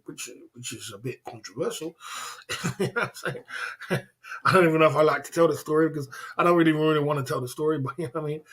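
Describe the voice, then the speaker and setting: His voice slightly rough and on the high side, a British man running a livestream meanders through laid-back anecdotes. He laughs often and keeps checking with viewers, "you know what I'm saying."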